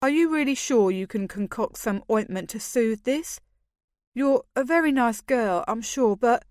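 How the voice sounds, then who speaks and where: A woman's voice: on the high side, lively intonation, unhurried, darkish tone, no echo, studio quality, voice pushed up. A woman narrating an audiobook, voicing a joking, easygoing young male palace guardsman who teases his friends. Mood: doubtful. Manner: teasing, croaks a mock rustic accent at times. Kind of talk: audiobook character reading.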